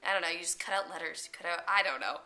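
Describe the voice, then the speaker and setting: A woman's voice: lowish voice, rapid-fire, sharp tone, echoey room, faint music behind, poor audio. A young woman student chatting casually about a trip, loose and giggly.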